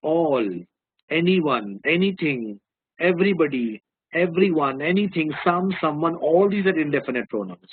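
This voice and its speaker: A man with an Indian English accent teaches grammar in a patient classroom manner, repeating terms and pausing to check on his students. His voice sits high and a little husky. The sound is dry and thin, like a phone line. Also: expressive, no echo. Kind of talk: classroom-style lesson.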